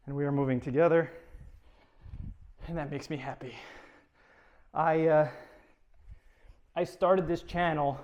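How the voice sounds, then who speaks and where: A man's voice: a little high, muffled recording. A man talking through a home workout as a fitness instructor, chatty and encouraging, a little out of breath. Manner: chatty, encouraging, self-deprecating.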